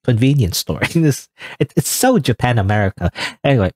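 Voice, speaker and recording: A man's voice: mid-range voice, big pitch swings, a little fast, a little mellow, dry recording, studio quality. A man making casual, joking asides while playing a story game, rambling with fillers. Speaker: let's play streamer.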